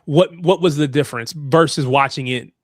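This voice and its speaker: A man's voice: fairly high pitch, normal speed, dry recording, studio quality. A man from the United States in a casual football chat, curious and asking lots of questions.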